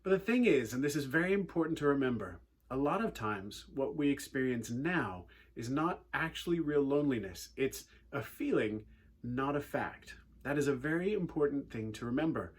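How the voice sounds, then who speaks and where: A man with an English accent, telling a personal story in an animated, wry and earnest way as a youth speaker. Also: medium pitch, moderate pace, husky. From England.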